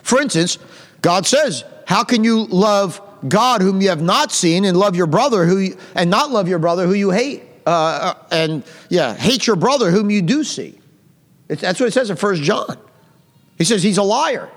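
High-voiced man teaching the Bible. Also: animated, big-room sound. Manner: slow, deliberate reading of scripture, pausing to define words; repetitive and emphatic, with rising intensity.

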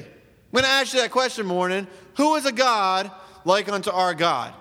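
A man's voice: sits high, expressive, moderate pace, sharp tone, in a large hall. A man preaching a sermon as pastor, emphatic and full of rhetorical questions.

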